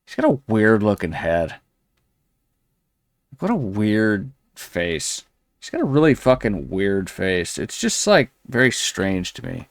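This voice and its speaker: Guy ranting and roasting some video, crude and sneery, lots of likes, pitch all over the place, dry close mic. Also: very animated, slow, no echo. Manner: crude, sneering, rambling with many "like"s. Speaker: commentary host. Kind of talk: mocking commentary over a video.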